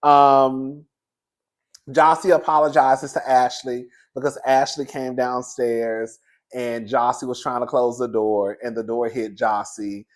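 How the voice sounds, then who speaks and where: A man giving casual, sassy commentary on a reality TV episode, chatty and quick to laugh. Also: mid-range voice, flat delivery. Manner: sassy, chatty, laughs often, calls viewers "girl" and "baby". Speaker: reality TV reviewer.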